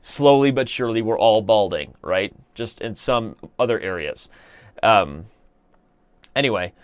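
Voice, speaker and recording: A man's voice: lowish voice, animated, unhurried, smooth, no room sound. A man in his thirties hosting a live stream, chatting casually and joking while he reads viewer comments aloud. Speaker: chess streamer host.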